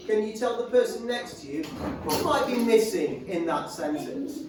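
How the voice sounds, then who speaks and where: Teacher in an echoey classroom. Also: male voice, high-pitched, sing-song, normal speed. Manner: questioning, prompting pupils one by one. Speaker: primary school teacher. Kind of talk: classroom reading lesson. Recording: echoey classroom from far off, loud noise.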